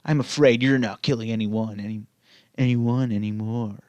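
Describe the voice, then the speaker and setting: A man voicing a determined young female fighter in a firm, slow delivery. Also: mid-range voice, steady tone, darkish tone, no room sound, highs cut off, close to an everyday voice.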